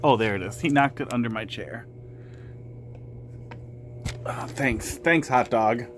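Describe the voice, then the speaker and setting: A man's voice: mid-range voice, takes it slowly, a little hiss or hum. A man streaming a game, casually chatting with viewers and talking fondly to his cats. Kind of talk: casual live-stream chat.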